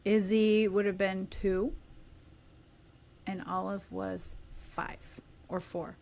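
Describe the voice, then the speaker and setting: A woman in her thirties tells a story as a podcast guest, talking casually. She is animated, and now and then she drops into quieter asides. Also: medium pitch.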